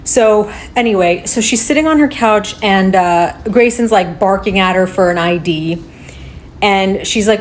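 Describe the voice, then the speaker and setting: A woman's voice: medium pitch, normal speed, slight background noise. Heated woman recapping, swearing often. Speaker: commentator recapping a video. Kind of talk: casual emotional recap.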